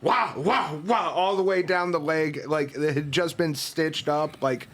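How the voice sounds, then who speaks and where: Young male podcast co-host, rambling storyteller who keeps laughing, slightly high pitch. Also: a little slow. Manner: laughs through his story, crude and rambling. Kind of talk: casual storytelling chat.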